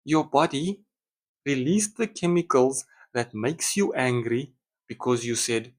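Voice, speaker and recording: A man's voice: medium pitch, animated, measured pace. A man vlogging casually to camera, rambling with frequent ums and restarts, acting out an annoyed inner voice.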